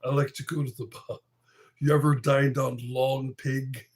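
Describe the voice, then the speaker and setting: A man's voice: mid-range voice, flat delivery, moderate pace, lightly acted. A man doing an impression of a brash tough-talking public figure, in a blunt, matter-of-fact manner.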